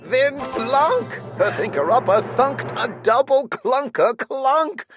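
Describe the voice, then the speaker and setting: A storyteller reading a rhyming picture book aloud with expressive delivery. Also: high voice, takes it slowly, music in the background.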